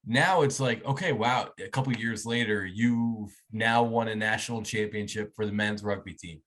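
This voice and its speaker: A man's voice: on the low side, moderate pace, fairly bright tone. A man hosting an interview show, chatting enthusiastically with frequent restarts. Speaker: host. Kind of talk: interview chat.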